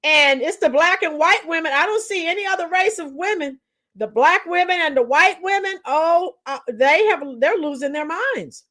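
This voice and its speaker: A woman's voice: extremely high pitch, normal speed. A woman hosting a livestream, bluntly sounding off and talking back to her chat by name. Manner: animated, blunt, laughs often, talks to chat by name. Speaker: livestream host reading chat. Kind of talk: opinionated livestream commentary.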